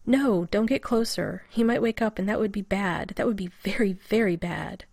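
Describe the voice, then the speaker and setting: A woman reads a frantic, worn-out man who rambles on in a nervous rush, his voice edged with a gravelly fry. The recording is dry and close, with no room sound. He sounds urgent and anxious in this storybook reading. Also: mid-range voice, normal speed, a little mellow, no echo. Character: frantic exhausted male scientist.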